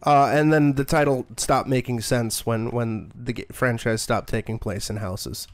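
A man's voice: medium pitch, fairly even intonation, moderate pace, no room sound. A young man streaming a horror game, joking, sarcastic and profane. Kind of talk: profane let's play commentary.

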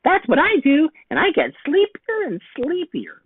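A man doing a squeaky bossy little sister. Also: huge pitch swings, creaky, slight background noise, exaggerated voice. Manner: very high squeaky voice, slow and drawn out. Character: little sister, small girl, sleepy and bossy. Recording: tinny phone-like sound, dry.

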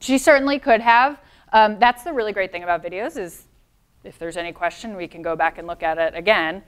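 A woman's voice: medium pitch, fairly quick, clear, resonant tone. A woman dog trainer presenting a live seminar, explaining things in a friendly way and answering comments from the audience.

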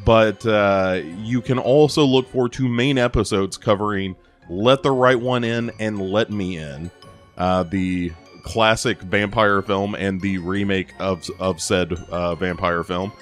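Low-voiced podcast host, chatty. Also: male voice, steady tone, a little slow, faint music behind. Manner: chatty, with frequent fillers. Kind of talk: casual podcast outro.

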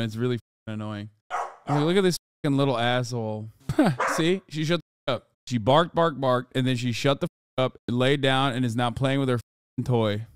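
A man's voice: medium pitch, background noise. A man in his thirties streaming live, talking casually and profanely, ranting at his chat while dogs bark nearby. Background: dogs barking.

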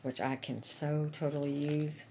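Lady vlogging, gushy and chatty, low voice with some fry. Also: level tone, unhurried, mellow, slight background noise. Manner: gushing, chatty, addresses viewers as y'all. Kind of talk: casual unboxing chat to viewers.

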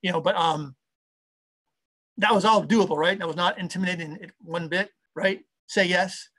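A man in his fifties, an audio software engineer, chatting casually in an interview and rambling enthusiastically as he interrupts himself. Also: high voice, steady tone, normal speed.

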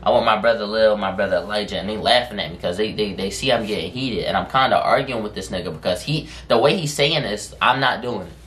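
A man casually telling a story on his vlog in slangy, profane speech, full of fillers and drawn-out phrases. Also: fairly low pitch, fairly bright tone, a little hiss or hum. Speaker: storytime vlogger. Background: music in the background.

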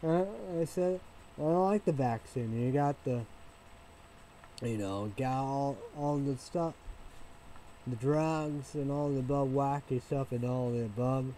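A man from Illinois ranting in a halting, repetitive way, sometimes bursting into loud excited shouting. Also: mid-range voice, slight background noise, poor audio. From Illinois, United States. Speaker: vlogger. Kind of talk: rambling casual rant.

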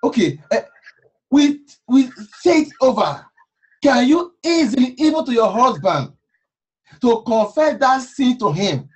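A woman's voice: a little high, sing-song, slightly rough, low-quality recording. Preaching woman with fervent questions. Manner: slow scripture reading, then fervent rhetorical questions. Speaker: pastor. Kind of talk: sermon.

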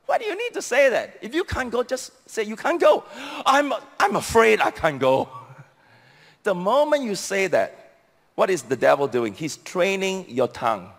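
A man's voice: very animated, normal speed, in a large hall. A man with a Singaporean English accent preaching a sermon as a pastor, emphatic and repetitive, stressing key phrases. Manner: emphatic preaching, repeating key phrases, sweeping pitch swings.

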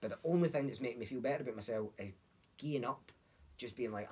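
A man's voice: medium pitch, fast talker, darkish tone, husky. A young Scottish man, a podcast guest, chatting bluntly and swearing freely as he tells stories. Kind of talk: casual chat.

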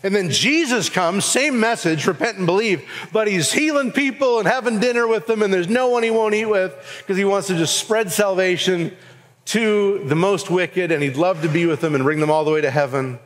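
A man's voice: high-pitched, moderate pace. Man, pastor, Southern US accent, sermon, echo of a large hall. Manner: earnest preaching, acts out quoted voices. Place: church sanctuary. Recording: long reverb of a hall.

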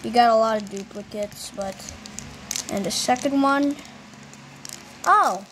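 A woman's voice: fairly high pitch, a bit bright, slight background noise, rough recording. A woman vlogging a toy unboxing in casual commentary, complaining with theatrical disappointment and whiny outbursts.

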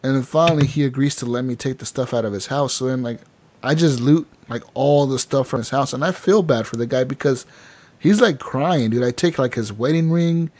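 A man's voice: mid-range voice, brisk. A young man co-hosting a casual gaming podcast, telling stories animatedly and acting out the characters. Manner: animated storyteller, acts out game characters. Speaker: podcast co-host.

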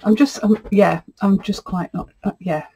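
Chatty middle-aged woman, crafter vlogging, warm gushing delivery, mid-pitched. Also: fairly even intonation, moderate pace, husky. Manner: chatty, gushing and easily moved. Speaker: textile artist. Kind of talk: casual unboxing chat.

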